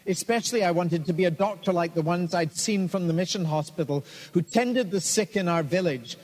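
A dignified old surgeon with a kind, measured, earnest way of speaking, as a man reads him. The voice sits fairly high for a man and rings with a long reverb, as if in a hall. It is a storybook reading rather than a full character voice. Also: a little mellow.

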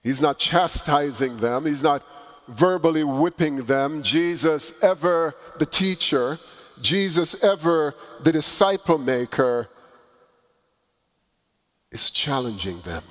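A man preaching a sermon, with dramatic pauses and swelling emphasis. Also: a little high, expressive, fairly bright tone. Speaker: pastor. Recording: long reverb in a large hall.

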